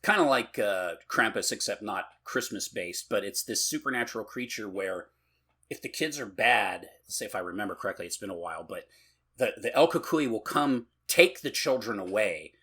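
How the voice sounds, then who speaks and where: Man co-host, casual podcast chat, rambling and profane, lively pitch, husky bright tone. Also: normal speed. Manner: rambling, profane, laughs often.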